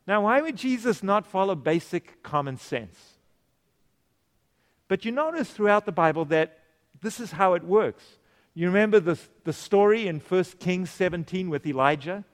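A man with a somewhat high voice delivers an animated sermon. He asks the congregation questions and briefly plays the people in his stories. His voice carries a long echo through the hall. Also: moderate pace. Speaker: preacher.

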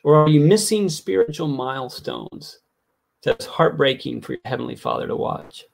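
A man's voice: fairly high pitch, very animated, moderate pace, creaky. A middle-aged man preaching a sermon, telling a personal story with heartfelt earnestness that builds into impassioned pleading.

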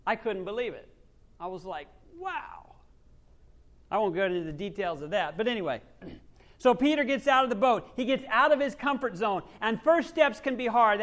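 A man preaching a sermon, swinging from loud emphasis to near-quiet asides and acting out quoted voices. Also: high-pitched. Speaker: pastor.

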